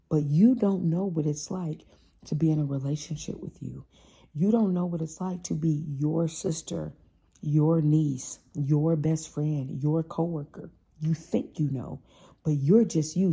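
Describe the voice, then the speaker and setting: A woman hosting a casual motivational talk, animated and passionate, sometimes acting out her family's voices. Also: sits low, vocal fry, breathy edge. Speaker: host.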